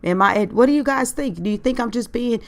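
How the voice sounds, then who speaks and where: A woman's voice: on the high side, brisk. A woman hosting a podcast, talking casually on her own and asking her listeners rhetorical questions. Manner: conversational, full of rhetorical questions. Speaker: podcast host. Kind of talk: casual solo podcast monologue.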